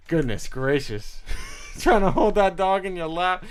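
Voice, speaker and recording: A man hosting a casual live watch-along stream, cheering loudly and greeting chat viewers. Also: high-pitched, animated, measured pace, very noisy. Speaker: livestream host.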